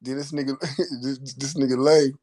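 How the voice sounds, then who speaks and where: A man recounting a wild night in a loose, unhurried way, swearing freely and chuckling through it. His voice sits at an average pitch for a man. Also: fairly even intonation, dark tone. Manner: laid-back, profane, laughing. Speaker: storyteller. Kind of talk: casual storytelling.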